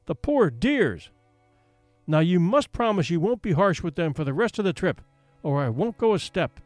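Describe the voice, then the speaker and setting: A man's voice: high-pitched, expressive, a little fast, no echo, soft background music. A man voicing a fussy, pampered young woman who pleads in dramatic exclamations. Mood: pleading.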